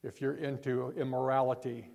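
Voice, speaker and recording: Older male pastor, husky and gravelly, earnest sermon delivery in church, repeats phrases, speaks plainly rather than shouting. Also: medium pitch, little pitch movement, normal speed. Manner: earnest, repetitive preaching, talking from the heart rather than yelling.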